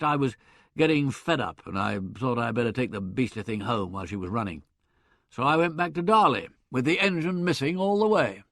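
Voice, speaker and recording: A man voicing a brash, hearty young Englishman in an audiobook, chatty and blustering, with loud laughs. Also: medium pitch, dry recording, clean studio sound, close to an everyday voice. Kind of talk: audiobook character voice.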